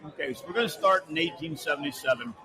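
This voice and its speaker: A man's voice: a little high, animated, quick pace, a crowd in the background, rough recording. A man co-hosting a casual podcast, joking and teasing and laughing often. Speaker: podcast co-host.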